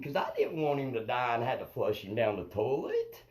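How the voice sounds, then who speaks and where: A man's voice: medium pitch, animated, fairly quick, hardly any pauses, darkish tone, rough recording. A man rambling through a profane comic monologue on a live stream, constantly checking in with his viewers. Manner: profane, rambling, keeps asking "you know what I mean". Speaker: comedian hosting a live stream. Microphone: phone or webcam on a live stream.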